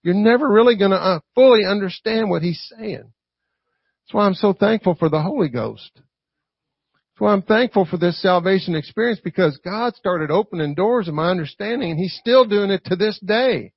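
A man preaches in a high, gravelly, husky voice, keeping the sermon conversational and tossing "right?" back at the congregation. The recording is dry and dull, like a lo-fi church tape. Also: expressive, normal speed, no echo.

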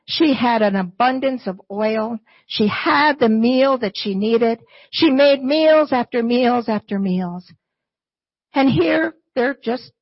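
A woman preaches to her church in an earnest way, reading scripture and repeating key phrases for emphasis. Her voice is high and breathy, and she speaks slowly. The sound is dry and dull, like a lo-fi recording. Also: dry recording. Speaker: church speaker, not the pastor.

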